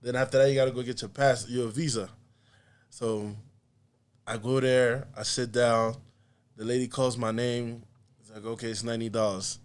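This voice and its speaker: This American artist and comedian, a guest on a podcast, speaks in a mid-range, clear, resonant voice with a flat delivery at normal speed. He tells his story casually and with energy, performing other people's lines and laughing frequently.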